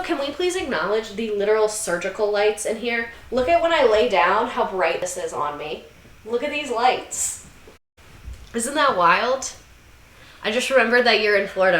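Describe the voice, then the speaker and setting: Sassy young woman host, crisp bright tone in an echoey room, swears freely and riffs sarcastically. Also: on the high side, lively intonation, normal speed. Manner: irreverent, swearing, sarcastic asides; slips into mocking voices. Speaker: video essay host. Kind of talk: comedic history commentary. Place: room under bright lights.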